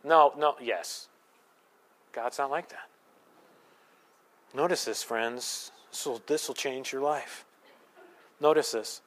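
A man's voice: mid-range voice, steady tone, takes it slowly, pauses often. A man preaching a sermon to his congregation in a conversational way, with joking asides and acted-out quotes. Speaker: pastor.

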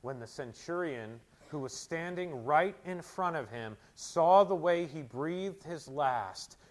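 A man's voice: fairly high pitch, lively intonation, slow pace. Dynamic, emphatic preacher man. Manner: dynamic preaching, swings from quiet teaching to loud emphatic proclamation. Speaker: pastor. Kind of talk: sermon.

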